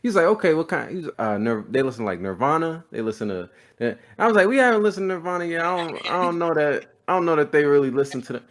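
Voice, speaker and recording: A man's voice: on the high side, big pitch swings, quick pace, hardly any pauses. A young man hosting a casual music podcast, telling a story animatedly and quoting his dad with lots of laughter. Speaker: podcast host. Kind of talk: casual chat.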